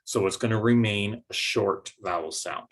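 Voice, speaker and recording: Man with a lowish voice teaching phonics. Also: moderate pace. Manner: patient, explains step by step with fillers. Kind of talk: recorded video lesson.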